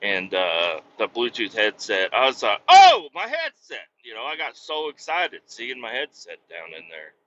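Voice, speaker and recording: A man rambling and cursing in a casual monologue while driving his truck down the highway, with sudden loud outbursts. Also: lively intonation, moderate pace, few pauses, dry recording, muffled recording. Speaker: podcast host.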